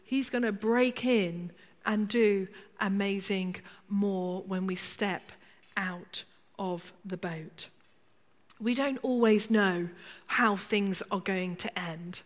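A woman's voice: mid-range voice, slow. A middle-aged woman preaching a conversational sermon, acting out people's inner voices. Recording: long church reverb.

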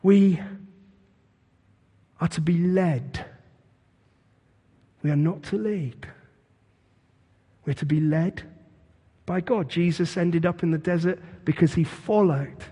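A man preaching a sermon as pastor, retelling scripture as a vivid, animated story. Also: on the high side, slow pace, long pauses, husky, big-room sound. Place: church.

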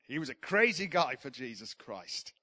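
A man's voice: medium pitch, big pitch swings, moderate pace, pushed and bright. A man giving an informal, enthusiastic Bible teaching in a church session, talking conversationally with frequent restarts.

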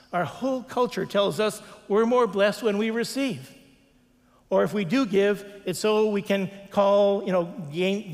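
High-voiced man preaching in a reverberant hall. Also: creaky. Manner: earnest preaching with repeated refrains and acted-out quotes. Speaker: pastor. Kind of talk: sermon.

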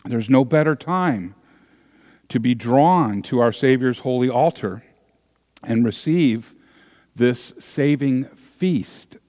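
A man preaching a sermon at a slow, deliberate pace. His voice rings out with a long church reverb around it. He speaks earnestly and lifts into animated emphasis. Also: mid-range voice. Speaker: pastor. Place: large church sanctuary.

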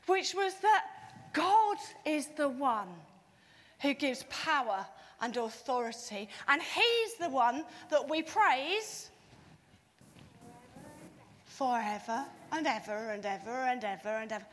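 A woman's voice: high-pitched, takes it slowly. Playful woman telling kids a story. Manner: lively, playful, asks the kids questions. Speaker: children's church leader. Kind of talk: retelling a Bible story to children. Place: large church hall. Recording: echoey hall.

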